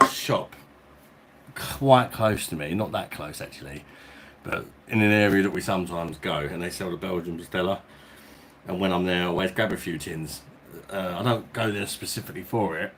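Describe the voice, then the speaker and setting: A man's voice: low-pitched, slight background noise. A man from England, chatting casually on a live stream, reading out viewer names and calling everyone mate. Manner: chatty, reads out viewer names and greets them; blokey slang, calls everyone mate. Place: at home, indoors.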